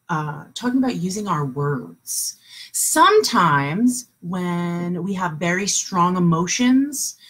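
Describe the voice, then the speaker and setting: A middle-aged woman teaching kindergartners over a video call at home, with a lively, sing-song teacher voice. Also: on the low side, slightly rough. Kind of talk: online morning class for young children.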